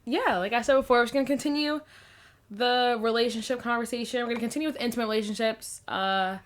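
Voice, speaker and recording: A woman's voice: fairly high pitch, quick pace. A woman hosting a podcast, chatting casually with a friend and laughing often. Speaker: podcast host. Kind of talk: casual chat.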